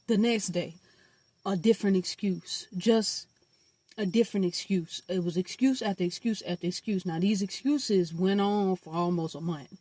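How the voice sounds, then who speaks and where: A young adult woman telling a personal storytime to her viewers, animated and blunt, with profanity and slangy asides. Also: medium pitch, moderate pace, dry recording. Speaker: storytime vlogger. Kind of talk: casual storytelling.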